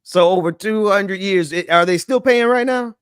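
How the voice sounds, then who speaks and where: A man's voice: high-pitched, moderate pace, clear, resonant tone, dry recording, studio quality. A man co-hosting a podcast, chiming in with questions. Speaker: podcast co-host. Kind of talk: casual opinion talk.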